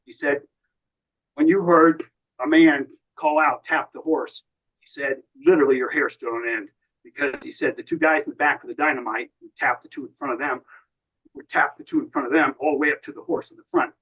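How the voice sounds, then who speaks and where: A man's voice: on the high side, fairly quick, fairly bright tone, muffled recording. An American man, a podcast guest, telling long family and wartime stories in a casual way, often quoting what others said. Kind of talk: casual storytelling.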